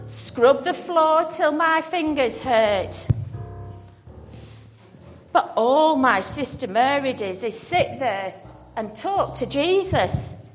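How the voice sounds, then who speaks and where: A woman voicing Martha, a grumbling, overworked woman who is fed up and complains slowly and with emphasis. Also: high-pitched, lively intonation, faint music behind. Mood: moaning. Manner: moaning, complaining, slow and emphatic. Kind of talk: storytelling in church. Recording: reverberant church hall.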